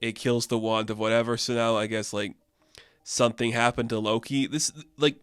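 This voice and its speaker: A man's voice: mid-range voice, little pitch movement, moderate pace, clean tone, no room sound, clean studio sound. A man reviewing a comic book in a casual, chatty and rambling way, full of "like" and "you know".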